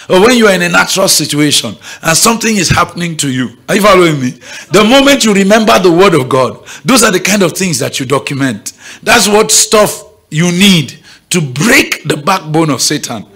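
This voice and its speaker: Bright husky Nigerian preacher. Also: male voice, high-pitched. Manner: bright, emphatic, keeps checking the audience is following. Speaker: pastor. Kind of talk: sermon. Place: church gathering.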